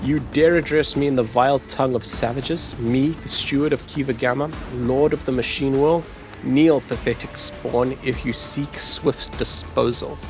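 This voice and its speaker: A man voicing a menacing, haughty male renegade tech-priest lord, reading the lines aloud with a gravelly voice. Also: medium pitch, steady tone, moderate pace, faint music behind, natural voice. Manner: threatening, haughty, read aloud.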